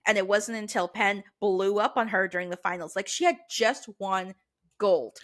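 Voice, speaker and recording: A woman's voice: medium pitch, normal speed. A young woman co-hosting a book podcast, chatting casually and retelling the plot with lots of "like". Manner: chatty, heavy use of "like", lively retelling. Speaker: podcast co-host.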